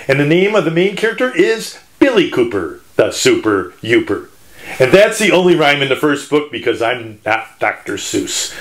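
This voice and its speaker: A man's voice: sits high, a bit bright. A man from Michigan, a children's author, giving an educational talk for children in a teacherly, playful way with puns.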